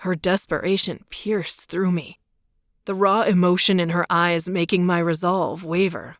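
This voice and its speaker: A woman narrating a first-person romance audiobook in a measured, intimate way on a close studio mic. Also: lowish voice, fairly even intonation, no echo.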